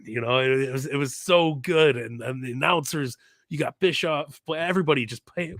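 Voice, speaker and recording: Laughing, excitable man on a podcast. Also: medium pitch, moderate pace, no room sound, studio quality. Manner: excitable, laughs often, swears freely. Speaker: podcast co-host. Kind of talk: casual podcast chat.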